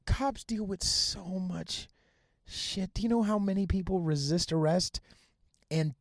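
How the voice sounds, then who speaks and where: A man's voice: sits high, unhurried, gravelly, no echo, clean studio sound. A man hosting a podcast, delivering a heated, profane solo rant that mocks its targets and stumbles over restarts. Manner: stammers and restarts mid-sentence. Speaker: podcast host.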